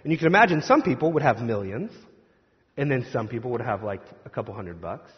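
A man's voice: mid-range voice, big pitch swings, a little fast. A male pastor giving a conversational, joking sermon in a church sanctuary, acting out the voices of the crowd. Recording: dull sound with long hall reverb.

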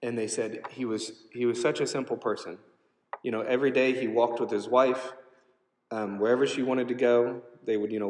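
A male pastor tells a story from the pulpit in a lively, emotional way. His voice sits at an ordinary pitch, caught from a distance, and rings through a large hall with a long reverb. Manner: storytelling, animated and emotional, shouting out quoted cheers. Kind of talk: sermon. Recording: roomy hall, voice from some distance.

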